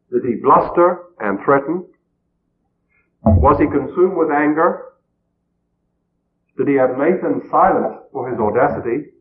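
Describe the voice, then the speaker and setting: A man giving an earnest, measured sermon, asking rhetorical questions as he preaches on a radio broadcast. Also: mid-range voice. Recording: tinny phone-like old radio broadcast.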